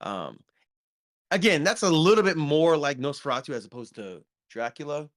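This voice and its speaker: Here a man with a fairly high voice co-hosts a podcast, sounding very animated at a moderate pace. He chats loosely about movies, rambling and peppering his talk with ums and restarts.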